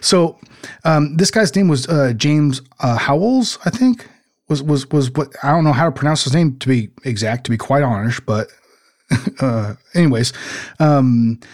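A man's voice: mid-range voice, darkish tone. A man in casual podcast conversation, rambling with lots of "like" and "you know" and some swearing.

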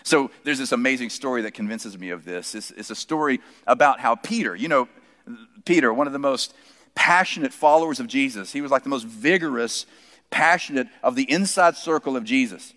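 A male preacher giving a sermon, telling stories and dropping to soft, emphatic quotes. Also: medium pitch, animated, a little fast. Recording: long reverb from a large hall.

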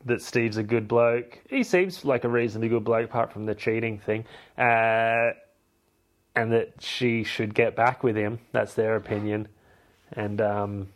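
A man hosting a podcast, recapping a film in a cheeky, irreverent, chatty way. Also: fairly low pitch. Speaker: podcast host.

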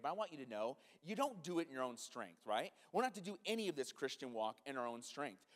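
A man preaching a sermon, telling a story animatedly, dropping to a hush and then rising to loud exclamations. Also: a little high. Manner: animated, swings from hushed to loud. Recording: long reverb of a large hall.

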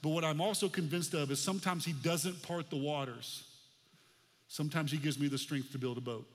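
A man's voice: on the high side, fairly even intonation, fairly quick, in a large hall. A man in his forties from the United States, preaching a sermon as pastor in a conversational, folksy way with casual asides.

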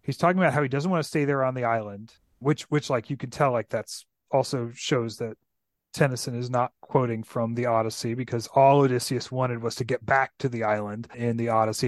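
A man's voice: medium pitch, steady tone, a little fast, no echo. A man hosting a podcast in an enthusiastic, casual literary discussion, often checking in with "right?". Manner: enthusiastic, tags points with "right?".

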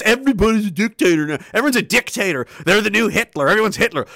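A man's voice: high-pitched, expressive, very fast, few pauses, sharp tone, dry recording, clean studio sound. A young man ranting sarcastically and profanely, reading out chat messages as a streamer, often laughing. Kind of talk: ranting commentary.

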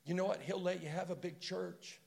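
A man preaching a sermon in a prayer room, passionate and conversational, swinging from loud to hushed. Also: high-pitched, fairly even intonation, a little fast, gravelly.

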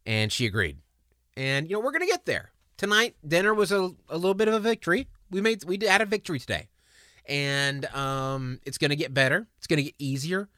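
Podcast host, man in his thirties, forceful and dry-sounding, emotional and halting storyteller. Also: fairly high pitch, big pitch swings, dry recording.

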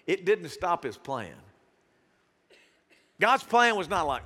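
A pastor delivers a sermon in a high, bright voice that swoops and climbs as he acts out the people in the story. His talk is casual and full of slang. The sound rings with the long reverb of a church hall. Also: slow. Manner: animated, acts out Bible characters in voices; casual slang, southern-tinged phrasing.

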